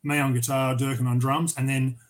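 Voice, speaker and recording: With a flat, mid-range voice at a fairly quick pace, this Tasmanian metal vocalist guests on a podcast for a casual storytelling interview. He is a casual Australian man who swears freely, rambling through anecdotes and often starting over, heard through poor audio.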